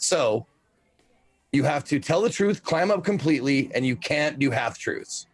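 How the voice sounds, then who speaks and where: A man's voice: a little high, animated, measured pace. A man playing a tabletop game, explaining a spell and reading its rules aloud. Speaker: player.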